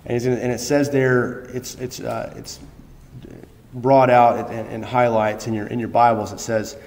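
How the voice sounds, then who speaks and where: A man's voice: medium pitch, flat delivery, moderate pace, creaky, darkish tone. A man preaching a sermon as a pastor, telling a story in a loose, conversational way with frequent restarts and rising emphasis. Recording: echoey hall, long reverb.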